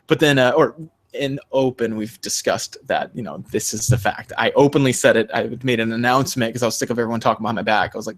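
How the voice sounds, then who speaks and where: A young man co-hosting a casual podcast, telling a story with lots of animation. When he quotes people, his pitch jumps sharply and he acts them out. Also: quick pace. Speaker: podcast co-host.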